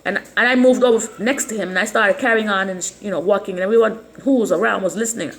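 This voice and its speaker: A woman's voice: mid-range voice, fast talker. A woman talking casually to camera in a rambling, agitated way, often stumbling and repeating herself. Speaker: vlogger. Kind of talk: casual vlog monologue.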